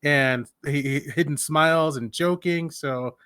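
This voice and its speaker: A man's voice: on the high side, unhurried, pushed and bright, clear, resonant tone, no room sound, studio quality. A man co-hosting a casual podcast chat, speaking eagerly but hesitantly, with many fillers and restarts. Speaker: podcast co-host.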